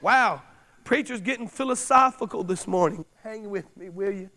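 A middle-aged man preaching a sermon, repeating key lines and driving points home with loud bursts. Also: high-pitched, normal speed. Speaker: pastor.

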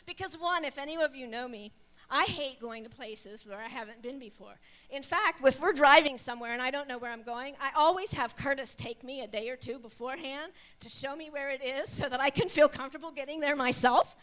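A middle-aged woman, a pastor's wife, sharing a testimony and telling the story with lively acted-out quotes. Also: high voice, brisk.

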